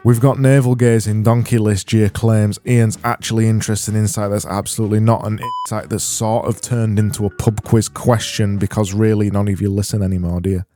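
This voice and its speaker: A man hosting a solo comedy podcast, rambling in a deadpan, self-deprecating way with frequent restarts. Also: lowish voice, brisk, hardly any pauses, soft background music. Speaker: podcast host.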